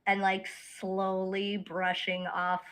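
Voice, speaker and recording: A woman's voice: medium pitch, completely flat delivery, slow pace, a bit bright. A woman playing a character in a tabletop game, talking in a casual, playful way. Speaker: player.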